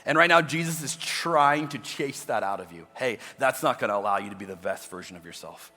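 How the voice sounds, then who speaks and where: A man's voice: mid-range voice, expressive, fairly quick, bright, forceful tone, long reverb tail, soft background music. A man preaching a sermon as pastor, talking conversationally and acting out imagined voices. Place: church auditorium.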